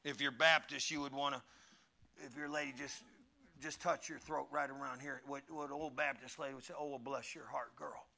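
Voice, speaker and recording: Bright-voiced man preaching with folksy fervor. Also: mid-range voice, steady tone, normal speed, vocal fry. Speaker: pastor. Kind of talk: sermon. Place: church sanctuary.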